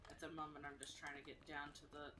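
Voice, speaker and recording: A woman's voice: low voice, little pitch movement, fast talker. A woman streamer chatting playfully while gaming, laughing often. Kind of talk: casual gameplay chat. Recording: clear noise behind.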